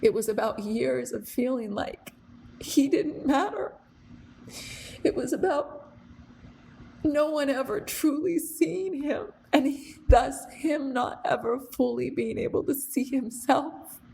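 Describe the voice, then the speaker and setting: A young adult woman hosting a podcast speaks slowly in a high-pitched, creaky, dark-toned voice, with a little hiss or hum audible. Her reflective storytelling monologue rambles earnestly through fillers and restarts as she grows emotional, close to tears.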